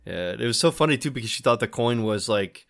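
A man's voice: medium pitch, lively intonation, fast, creaky, fairly bright tone. A man co-hosting a podcast, chatting casually and hesitantly with fillers and restarts. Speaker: podcast co-host. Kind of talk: casual chat.

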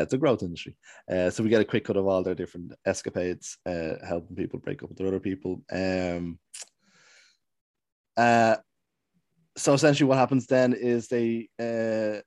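A man's voice: deep voice, darkish tone, no echo. A man casually recapping a TV show's plot, rambling and hesitant as he tells it. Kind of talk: casual chat recapping a TV show.

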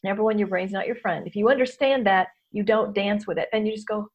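A woman hosting a casual interview, teaching lively and acting out the voices in people's heads. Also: medium pitch, fast talker, few pauses. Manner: animated, acts out inner voices. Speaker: host, coach.

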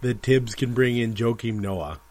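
A man co-hosting a casual sports podcast, making deadpan quips. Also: medium pitch, a little slow, no echo. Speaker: podcast co-host.

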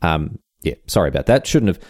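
A man's voice: a bass voice, big pitch swings, brisk, a little mellow, dry recording, studio quality. A man hosting a comedic history podcast, telling the story with chatty, irreverent asides and casual swearing. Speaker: podcast host.

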